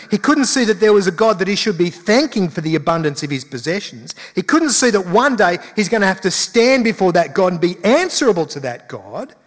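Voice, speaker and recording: A male pastor giving a conversational sermon with emphatic rises. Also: high-pitched. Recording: long hall reverb.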